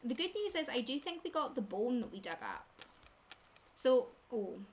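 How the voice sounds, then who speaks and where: A woman's voice: a little high, sing-song, moderate pace, slight background noise. A woman giving casual commentary while playing a life-simulation game, chatting to her characters and laughing often. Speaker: gaming channel host.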